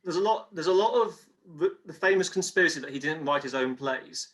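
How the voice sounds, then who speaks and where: A man's voice: on the high side, expressive, a little fast, fairly bright tone. A man explaining history as an interview guest, patiently, with examples.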